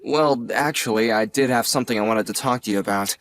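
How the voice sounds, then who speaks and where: A man playing a sincere young man who teases his aunt gently and thanks her earnestly. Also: medium pitch, fast talker, close to an everyday voice. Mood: nervous. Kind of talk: audio drama acting.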